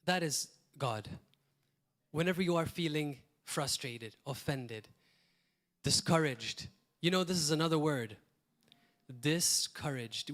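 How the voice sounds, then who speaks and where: The pastor, a man from Malta, delivers his sermon conversationally and plainly. His voice is slightly high for a man, and he keeps repeating key phrases and stopping for brief asides.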